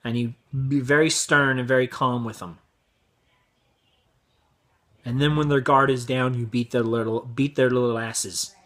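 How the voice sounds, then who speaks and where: A man's voice: medium pitch, flat delivery, unhurried, pauses often, fairly bright tone. A young man hosting his vlog, telling crude, exaggerated stories in a brash comedic rant. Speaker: vlog host.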